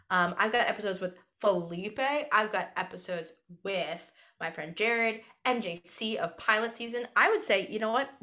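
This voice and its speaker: A woman guest on a podcast, chatting casually in a rambling, self-mocking way with many pauses. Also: mid-range voice, sharp tone. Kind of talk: casual chat.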